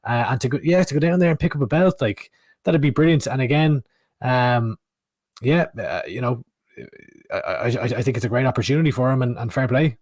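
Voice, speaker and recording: A man on a podcast, low-key and hesitant, with a lot of filler words. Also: brisk, a little mellow, no echo, clean studio sound. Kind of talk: casual chat.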